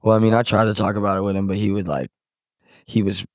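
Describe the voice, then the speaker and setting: Low-voiced man from Missouri, rambling. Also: level tone, quick pace, dry recording, studio quality. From Missouri, USA. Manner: loose and rambling, heavy on "like" and "bro", swears often; subdued and heavy when recounting loss. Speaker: podcast guest, songwriter and musician. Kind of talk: casual conversation.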